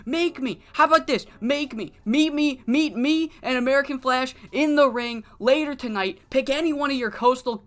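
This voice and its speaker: A woman putting on a loud cocky heel wrestler man. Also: high voice, expressive, moderate pace. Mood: taunting. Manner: brash, swaggering, cursing.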